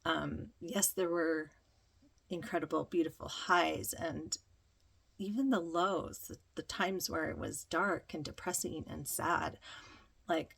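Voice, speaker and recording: A woman telling a reflective personal story, slow and dreamy, with many ums. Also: sits low, fairly bright tone. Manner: slow, dreamy, breathy with frequent ums and laughter. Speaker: spiritual vlogger.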